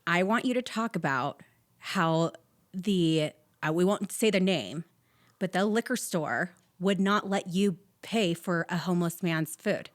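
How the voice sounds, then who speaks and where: A woman's voice: on the low side, a little slow. A woman hosting a casual podcast, chiming in supportively with short agreements and opinions. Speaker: podcast host. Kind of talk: casual chat.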